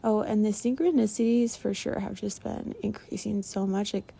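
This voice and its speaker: Woman rambling on her vlog diary, mellow low-key voice, lots of fry, kinda stuffy nose. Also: fairly even intonation, moderate pace. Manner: rambling, soft-spoken, trailing off with fillers. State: runny nose from allergies. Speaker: meditation vlogger. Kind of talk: casual diary-style vlog.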